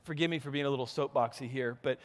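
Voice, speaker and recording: A man preaching a sermon as pastor, telling stories with animated delivery and acting out characters' voices. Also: mid-range voice, fast talker, big-room sound. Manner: energetic storytelling preacher, acts out characters' lines. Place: church sanctuary.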